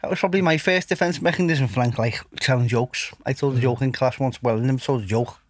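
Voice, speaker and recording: A man's voice: mid-range voice, quick pace, dry recording, clean studio sound. A young male boxer with a Liverpool accent, rambling through stories in casual chat. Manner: laughing, rambling storyteller. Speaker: professional boxer, guest.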